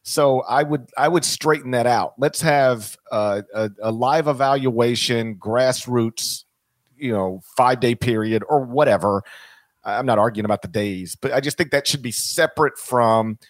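A man's voice: medium pitch, moderate pace, no room sound. A man in a casual podcast discussion on college basketball, thinking aloud and often repeating his words as he makes his point.

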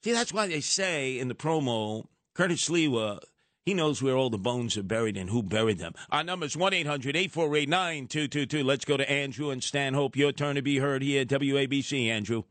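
Sarcastic New talk radio host. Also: male voice, medium pitch, brisk, a bit bright, dry recording. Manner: sarcastic, mocking, emphatic with nicknames. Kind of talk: combative talk radio monologue. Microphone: studio microphone.

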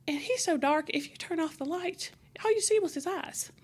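A tactless woman school administrator gossips in a high, hushed, confiding tone, as a teacher mimics her. The voice rises well above the speaker's own and lowers to a near whisper. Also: moderate pace. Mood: gossipy.

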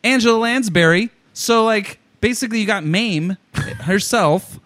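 A man co-hosting a podcast, chatting excitedly and casually about musicals. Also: sits high, moderate pace, dry recording. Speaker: podcast co-host.

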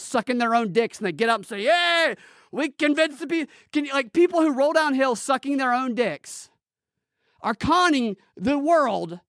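A man talks close to the mic in a dry, deadened space, his voice sitting a touch higher than most men's. He hosts a live political podcast and rants in a heated, profane, rambling way, with restarts and bursts of laughter. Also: fairly bright tone, no room sound. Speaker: podcast host. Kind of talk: live-streamed political commentary rant.

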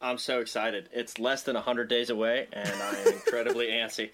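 A man co-hosting a casual tennis podcast, excitable and quick to laugh. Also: mid-range voice, a loud crowd. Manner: excitable, laughs often, lots of fillers. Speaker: podcast co-host. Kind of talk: casual sports podcast chat.

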